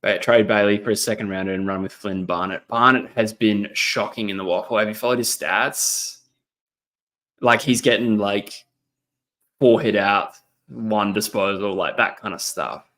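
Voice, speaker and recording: With a voice on the low side, a bit bright, fairly even in intonation, and moderate in pace, a young Australian man commentates a match on his casual footy livestream. He's indoors at a laptop, chatting with viewers, reading chat messages aloud, and rambling with plenty of ums.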